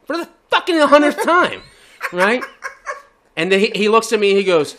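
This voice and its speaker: A podcast co-host with a high-sitting voice tells a profane story in casual chat, animated and frequently laughing as he talks. He keeps a moderate pace with long pauses, and there's slight background noise.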